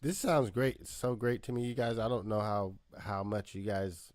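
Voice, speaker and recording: Co-host type, low-pitched man, easygoing and rambling, dry close webcam sound. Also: steady tone, normal speed, no echo. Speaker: podcast co-host and rapper. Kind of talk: casual chat on a live video call. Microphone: webcam video call.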